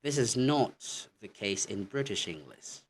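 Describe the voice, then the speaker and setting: Male teacher, very low voice, unhurried delivery, constant "okay" check-ins. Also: very animated, a little hiss or hum. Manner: slow, repetitive, says "okay" constantly while demonstrating words. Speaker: English teacher. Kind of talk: online pronunciation lesson.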